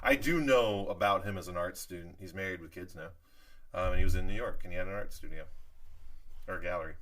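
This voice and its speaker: A man's voice: low-pitched, fast talker, a bit bright. A man in his forties co-hosting a podcast, telling rambling stories in casual chat and laughing between sentences. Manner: rambling storyteller who laughs mid-sentence. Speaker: podcast co-host.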